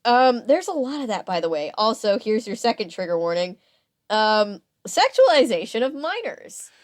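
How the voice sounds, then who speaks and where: A woman hosts a casual podcast chat in a somewhat high voice. She is sarcastic and laughs often, with plenty of fillers and restarts. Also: big pitch swings, normal speed. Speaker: podcast host. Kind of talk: casual chat about a novel.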